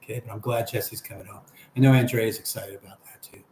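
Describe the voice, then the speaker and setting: With a lowish, darkish voice and fairly even intonation, an older man talks quickly through a live stream. He casually reads viewer comments aloud and answers each, in an echoey room with a faint hum.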